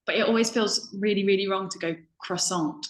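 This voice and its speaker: A woman's voice: mid-range voice, fairly even intonation, quick pace, roomy sound, rough recording. A young woman from the United Kingdom, a language assistant, chatting casually on a video call with many ums and self-corrections. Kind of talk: casual webinar chat.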